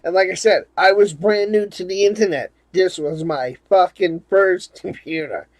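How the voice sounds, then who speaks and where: A man's voice: sits high, normal speed, no echo. A man from Rhode Island telling a rambling, profane story in a casual monologue to his viewers. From Rhode Island, USA. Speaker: vlogger.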